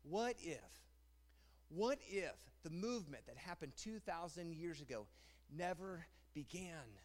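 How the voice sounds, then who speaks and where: A married man preaching a sermon as pastor, animated and rhetorical, often repeating phrases. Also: fairly high pitch, a little slow. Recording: long hall reverb.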